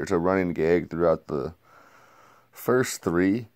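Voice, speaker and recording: A man's voice: sits low, brisk, darkish tone. A man reviewing a movie in a casual, crude play-by-play recap. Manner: loose, crude, retells scenes in a play-by-play.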